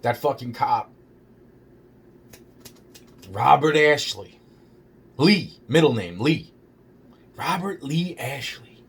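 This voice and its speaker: A man's voice: medium pitch, slightly rough. A man telling a rambling first-person story, agitated and full of profanity, repeating himself as he goes. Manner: heavily profane, agitated, repetitive.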